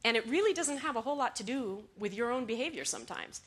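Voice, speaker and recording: A woman giving a talk to an audience, telling stories in an animated way, laughing now and then and acting out the lines she quotes. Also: fairly high pitch, fast.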